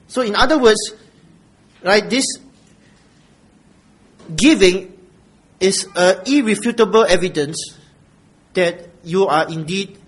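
A man delivers a sermon, lively and expressive. His voice sits high and has a husky grain. He swings from loud emphasis to quiet asides. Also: poor audio. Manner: animated, acts out grudging givers in a whiny voice, then drops quiet. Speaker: pastor.

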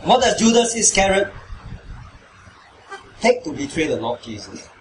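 Pastor guy preaching, kinda high voice, echoey hall, mic far off. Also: very animated, measured pace. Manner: rhetorical questions, rising to emphatic pleas. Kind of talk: sermon. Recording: roomy echo, distant mic, noisy.

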